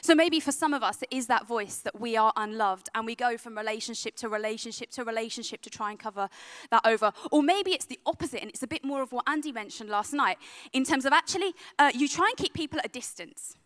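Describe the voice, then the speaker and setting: A young adult woman who works with youth, giving an earnest sermon that drops to a soft, hushed tone on heavy points. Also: a little high, lively intonation, fast. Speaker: youth worker and speaker. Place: event venue.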